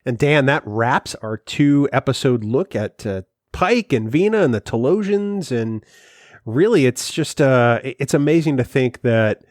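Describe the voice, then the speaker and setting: A man co-hosting a casual podcast chat, upbeat and running quick promo plugs. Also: mid-range voice, very animated, darkish tone, no room sound, studio quality. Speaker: podcast co-host.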